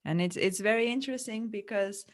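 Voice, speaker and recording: A woman's voice: medium pitch, brisk. A woman from Portugal, a native Portuguese speaker with a Portuguese accent, hosting a casual podcast interview and laughing often with her guest. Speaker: podcast host.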